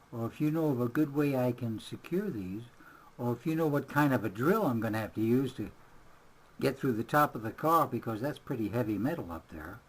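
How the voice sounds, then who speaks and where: A man's voice: mid-range voice, creaky, slightly rough, low-quality recording. An older man giving a chatty running commentary outdoors as he works on his car. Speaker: vlogger. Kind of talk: casual do-it-yourself vlog.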